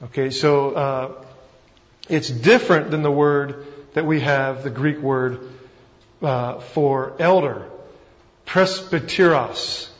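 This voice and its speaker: A man's voice: medium pitch, fairly even intonation, takes it slowly. Man, Texan accent, pastor teaching a sermon, folksy and self-deprecating, muffled sound, long hall echo. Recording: dull recording with long hall reverb.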